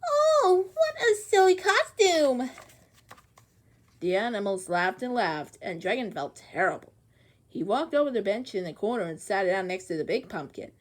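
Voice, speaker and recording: A woman's voice: medium pitch, animated, a little fast. A woman reading a children's storybook aloud expressively, acting out the sound effects.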